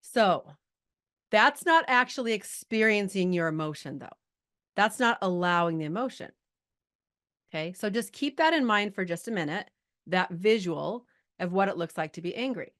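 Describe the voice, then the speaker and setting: A middle-aged woman coaching a group over a video call, chatty and lively, holding back tears at times. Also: medium pitch, moderate pace. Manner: chatty, lively, talks to the chat audience. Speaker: life coach hosting a live group call. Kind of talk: casual coaching talk.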